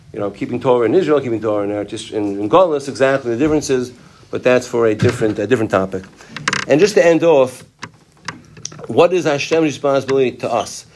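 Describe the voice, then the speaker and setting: A man's voice: mid-range voice, darkish tone, a little hiss or hum. A man teaching a Torah class in a conversational way, asking his listeners questions and often restarting his sentences. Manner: conversational, asks the audience questions; frequent restarts and "you know" asides. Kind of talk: Torah lecture.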